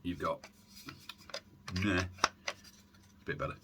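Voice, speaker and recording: Deep-voiced rambling man. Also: steady tone, slow pace, heavy background noise. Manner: rambling, self-deprecating, lots of fillers and asides. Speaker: airsoft YouTube channel host. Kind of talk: casual gear review vlog. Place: warm room at home, indoors. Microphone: camera on a stand.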